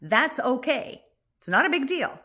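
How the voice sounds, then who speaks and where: Gentle, reassuring woman coach. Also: sits high, very animated, unhurried. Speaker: spiritual coach. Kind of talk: heartfelt spoken advice to an online group.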